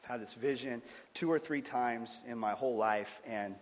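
Earnest guy in his 30s preaching his testimony, gets loud then goes real quiet, long echo off a big church hall. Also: mid-range voice, normal speed. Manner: earnest, swings from loud to hushed. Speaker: guest speaker sharing testimony. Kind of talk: sermon-style personal testimony.

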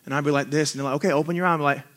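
Man, pastor, high-pitched voice, sermon, builds to slow emphatic lines. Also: fairly even intonation, a bit bright. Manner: preaching with rising emphasis and slow, drawn-out punchlines; conversational asides with self-deprecating laughs.

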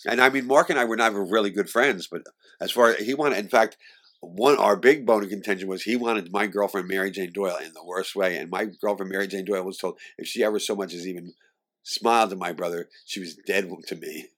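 In an interview, a middle-aged man tells candid stories with animation, laughing often and swinging between loud and hushed. His voice is low-pitched and his pace brisk.

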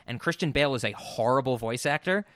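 A man's voice: medium pitch, expressive, fast, fairly bright tone, dry recording, studio quality. A man hosting a podcast, chatting casually and rambling with strong opinions about film voice acting. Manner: rambling and opinionated, many ums and restarts, swears. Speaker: podcast host.

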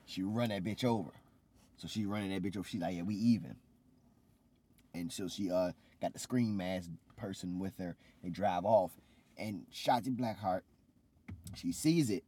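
A man with a low-set, husky voice tells a wrestling story in casual podcast chat. He is loose and animated and acts out what the wrestlers said. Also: normal speed. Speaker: podcast co-host.

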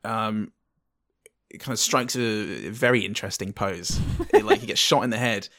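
A man co-hosting a casual film-review podcast, talking haltingly with many ums and playful asides. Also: on the low side, pushed and bright. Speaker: podcast co-host.

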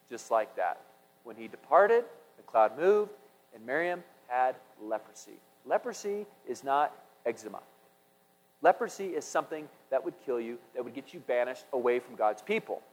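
High-voiced male preacher in a hall. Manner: reads scripture aloud and acts out quotes with swings in volume. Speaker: pastor. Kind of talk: sermon. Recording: long hall reverb.

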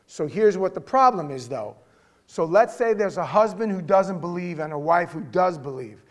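A male pastor preaches a sermon in a direct, conversational way, swinging between loud, emphatic reading and quiet, intimate asides. His high voice is animated and moves at normal speed.

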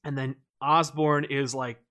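A man in casual podcast chat, talking at a middle pitch. He rambles with many fillers and restarts, animatedly retelling scenes as he goes. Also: level tone, measured pace, sharp tone.

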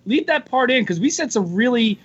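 Husky, high-voiced young man on lo-fi audio. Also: fairly quick. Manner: crude, laughing, animated storytelling. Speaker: podcast guest. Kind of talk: casual chat. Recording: dull lo-fi audio.

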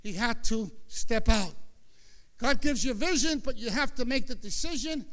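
High, bright-voiced preaching man. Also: animated, moderate pace. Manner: emphatic preaching, bursts into shouts. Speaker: pastor. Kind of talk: sermon.

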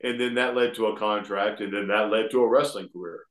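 A man's voice: on the low side, fairly quick. Middle aged alabama guy, folksy storyteller, roomy echo. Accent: Alabama Southern US. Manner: animated, folksy. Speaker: guest, former pro wrestler. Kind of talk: casual storytelling interview. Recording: echoey room.

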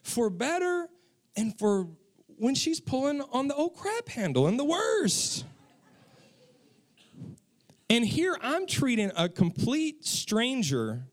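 A man with a notably high voice preaches a sermon, his pitch swinging widely as he tells a story. He acts out his own past lines with lively, animated delivery. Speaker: pastor.

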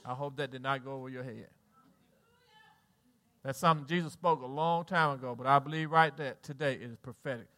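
A middle-aged man with a Southern US accent preaching a sermon as pastor, swinging between soft low lines and loud exhortation, folksy and joking with the congregation. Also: brisk.

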